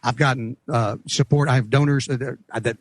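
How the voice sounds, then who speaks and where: A man's voice: medium pitch, fairly even intonation, a little fast, no room sound. A man, a political candidate speaking as a guest on a radio talk show, folksy and rabble-rousing as he tells stories. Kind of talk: animated campaign talk.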